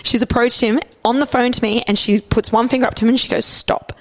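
A young Australian woman co-hosting a podcast, telling stories in animated, jokey casual chat. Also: a little high, quick pace. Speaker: podcast co-host.

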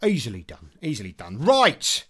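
A man's voice: mid-range voice, wildly swooping pitch, moderate pace, slightly rough. A man co-hosting a podcast in a chatty, jokey way, laughing often. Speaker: podcast co-host. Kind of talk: casual chat.

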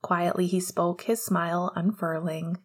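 A woman narrating an audiobook chapter in a steady, measured storytelling voice. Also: lowish voice, slightly rough. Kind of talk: audiobook reading of fan fiction.

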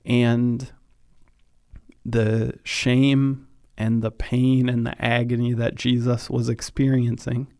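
A man talks through a faith podcast in a measured, reflective way. His delivery is slow and fairly flat in pitch, and it grows quieter on the solemn moments. The sound is dry and close, with no room echo. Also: clean tone. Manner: earnest, thoughtful, slows down on solemn points. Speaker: podcast host.

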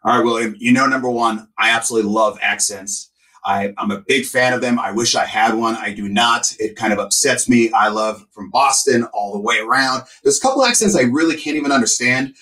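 Animated male co-host, distant mic. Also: mid-range voice, fairly quick. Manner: animated storyteller, emphatic. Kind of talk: casual podcast chat.

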